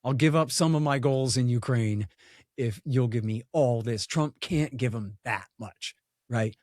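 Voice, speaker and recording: A man's voice: medium pitch, a little slow, a little mellow, dry recording, clean studio sound. A man giving a blunt, digressive interview answer, with many fillers and lost threads as he talks. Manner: blunt, digressive, loses his count, fillers. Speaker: guest foreign policy commentator. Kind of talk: unscripted interview talk.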